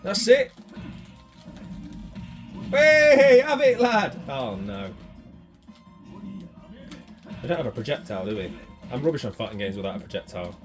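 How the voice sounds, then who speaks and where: A man giving excitable running commentary while playing a retro fighting game, swinging between mutters and shouts. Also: fairly low pitch, rapid-fire, faint music behind. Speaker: retro gaming channel host.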